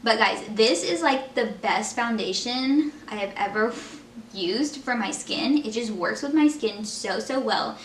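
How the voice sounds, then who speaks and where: A woman's voice: fairly high pitch, animated, unhurried, recorded from a distance, slight background noise. A young woman vlogger talking casually and from the heart while doing her makeup, with lots of fillers. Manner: chatty, heartfelt, fillers like "like" and "you know". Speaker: beauty vlogger. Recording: echoey room, voice a bit off-mic.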